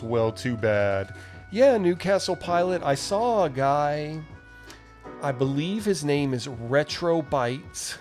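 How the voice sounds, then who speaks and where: A man's voice: mid-range voice, a little mellow. A man hosting a live stream, chatting casually and reading viewer messages aloud as he answers them. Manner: rambling, reads viewer chat aloud and answers it. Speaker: livestream host. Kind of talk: casual live chat while using a computer.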